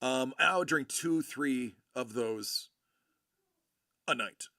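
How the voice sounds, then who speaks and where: A man's voice: medium pitch, takes it slowly, bright, forceful tone, no echo, clean studio sound. A man in his forties from Buffalo, New York, hosting a live show and telling rambling stories with lots of fillers and restarts. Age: 40s. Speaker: host of a collectibles live show. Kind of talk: casual live-stream chat.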